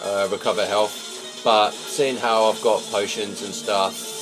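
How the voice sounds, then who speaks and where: A man's voice: lowish voice, steady tone, takes it slowly. A man giving casual, playful, sweary commentary over a video game. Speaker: let's play commentator. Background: game music.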